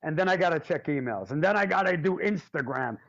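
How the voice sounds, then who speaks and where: A man, a drummer being interviewed, telling stories in a casual, animated and jokey way and swearing freely. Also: on the high side, fairly quick, lo-fi sound. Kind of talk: casual storytelling.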